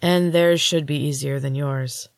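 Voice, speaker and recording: A woman reading the lines of a calm, steady young woman who speaks in an even tone, in a storybook reading. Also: sits low, measured pace, no echo, clean studio sound.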